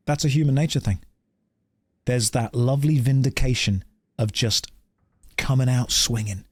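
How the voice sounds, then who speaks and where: A man's voice: mid-range voice, dry recording, studio quality. A man streaming a video game, ranting and chatting animatedly as he plays. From England. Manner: animated, ranting, acts out both sides of chats. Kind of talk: casual gameplay commentary.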